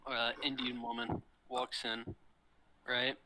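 A young man in casual chat with friends, telling an animated story from work and swearing freely. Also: medium pitch, a little slow, a crowd in the background, rough recording.

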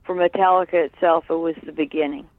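A man's voice: on the high side, steady tone, quick pace, dry recording. Man reminiscing over a tinny phone line. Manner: rambling, many fillers, frequent "right?". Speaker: guest. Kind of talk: reminiscing interview.

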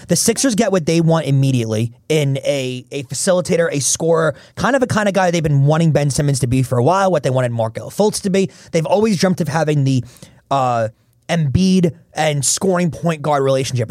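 Man, sports podcast host, fast and emphatic, slightly high voice, dry close sound. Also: a little mellow, dry recording. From Philadelphia area. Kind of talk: casual sports talk.

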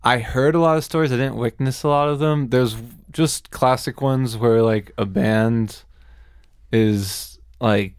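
A man co-hosting a podcast in casual chat, relaxed, laughing along and giving short reactions. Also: mid-range voice, a little slow, clear, resonant tone, dry recording, studio quality.

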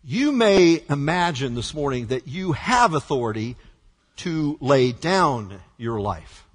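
A male pastor preaching a sermon with dramatic swings from hushed words to shouts. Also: a little high, very animated, slow, long reverb tail.

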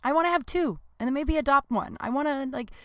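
A woman's voice: sits high, quick pace, a bit bright, dry recording. Flustered, rambling woman in her late thirties. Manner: rambling, flustered, swears freely. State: nervous. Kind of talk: casual confessional monologue.

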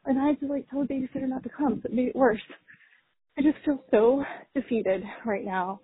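A woman's voice: high voice, fast, husky, no echo. A young woman, a mother, leaving a rambling, emotional voicemail rant full of fillers, her voice strained. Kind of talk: tearful venting rant. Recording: tinny phone line.

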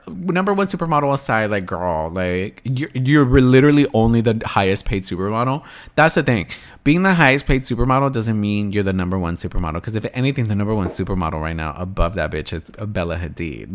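Young man, sassy and blunt, swears a lot, lively voice that swoops up and down, casual vlog rant. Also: mid-range voice. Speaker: vlogger.

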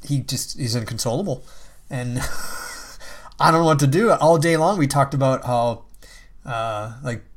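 A man chatting casually as a parent, laughing often and swearing easily. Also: medium pitch. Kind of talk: casual chat.

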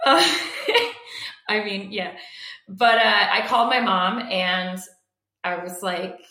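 A young woman co-hosting a podcast, telling stories in a casual chat and getting animated and worked up as she goes. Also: medium pitch, normal speed. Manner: animated storytelling, gets worked up. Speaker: podcast co-host. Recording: echoey room.

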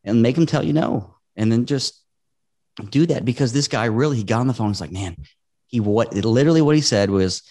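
A man's voice: mid-range voice, brisk. A man talking casually on a podcast as a real estate investor guest, telling stories earnestly and acting out the quotes. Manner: earnest, animated storytelling with acted-out quotes.

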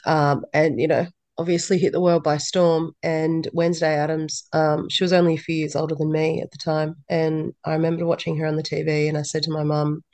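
A woman, a podcast guest telling stories in a lively way and acting out dialogue. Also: sits low, fairly quick, hardly any pauses, no echo. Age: 30s. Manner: lively storyteller who acts out quoted dialogue. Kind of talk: casual interview chat.

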